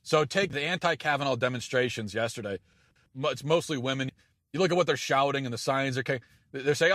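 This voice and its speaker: A man's voice: mid-range voice, a little fast, a bit bright, dry recording. Sarcastic man ranting, dry mic. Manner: sarcastic, incredulous, stammering restarts. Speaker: political commentator. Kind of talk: opinion monologue.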